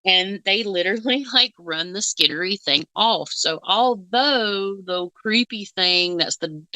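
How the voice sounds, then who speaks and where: A woman's voice: medium pitch, lively intonation, unhurried, pushed and bright, dry recording, rough recording. A woman co-hosting a casual reaction chat as a psychic, rambling with fillers and frequent giggles. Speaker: psychic co-host.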